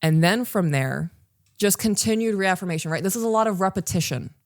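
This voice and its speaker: A woman's voice: mid-range voice, brisk, no room sound, clean studio sound. A woman in her thirties co-hosting a parenting podcast, talking emphatically and straight to the listener. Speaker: podcast co-host. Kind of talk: casual parenting podcast talk. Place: recorded live for online patrons.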